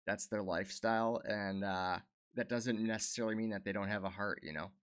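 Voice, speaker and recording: A man's voice: fairly low pitch, steady tone, fairly quick, fairly bright tone, clear, resonant tone. A man in casual podcast chat, easygoing and hedging with "you know.".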